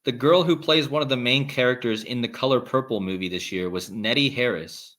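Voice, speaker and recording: A man's voice: mid-range voice, brisk, fairly bright tone. A man hosting a casual live stream, rambling with restarts and reading viewer comments aloud. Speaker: livestream host.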